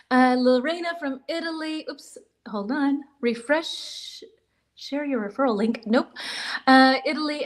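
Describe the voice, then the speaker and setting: An American woman hosting a live English lesson, chatting warmly with viewers and greeting them by name. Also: high-pitched. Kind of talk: live-stream lesson, reading chat comments.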